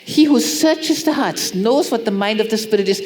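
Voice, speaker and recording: A woman preaching a sermon, pressing points with repeated rhetorical questions and acting out soft prayers. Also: fairly high pitch, expressive, normal speed. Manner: acts out prayers in soft pleading tones.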